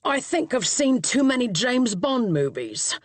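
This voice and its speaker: A man's voice: very high-pitched, big pitch swings, measured pace, no echo, pitched above the performer's own voice, exaggerated voice. A woman doing a chatty Cockney cabbie. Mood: wry. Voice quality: breezy, calls people love. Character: Cockney London cab driver, chatty and cheery.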